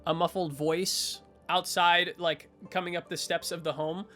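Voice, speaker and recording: 明亮高音的男游戏主持人. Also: male voice, a little high, flat delivery, unhurried, sharp tone, soft background music. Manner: rambling, filler-heavy, self-correcting. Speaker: game master. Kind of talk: narrating a tabletop game.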